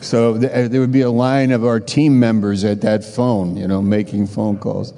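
A man's voice: on the low side, little pitch movement, moderate pace, mellow. A man in his sixties preaching a sermon with a personal testimony, earnest and conversational, repeating his phrases. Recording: long reverb of a large hall.

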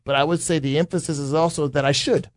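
A man who is a pastor, speaking in a conversational Bible teaching talk, forceful and repetitive, building his points as lists. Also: on the high side, steady tone, fast talker, dry recording, clean studio sound.

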